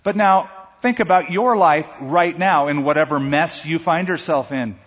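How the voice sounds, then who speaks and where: Husky male pastor preaching, voice going up and down a lot, dull recording. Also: fairly high pitch. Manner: animated, slows down for emphasis. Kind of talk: sermon. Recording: echoey hall, dull sound.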